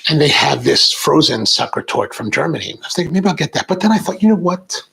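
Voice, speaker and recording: A middle-aged American man hosting a coffee video, chatting casually with rambling, animated asides. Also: a little high, fast talker, creaky, slightly rough, rough recording. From United States. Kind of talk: casual chat to camera.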